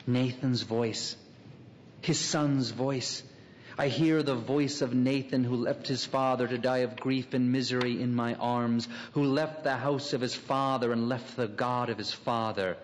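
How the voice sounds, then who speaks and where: A man's voice: medium pitch, fairly even intonation, a little slow, slight background noise, lightly acted. An actor playing a wry middle-aged city man, drifting through an inner monologue full of asides. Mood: musing. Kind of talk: radio drama acting. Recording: long hall reverb, faint ambience.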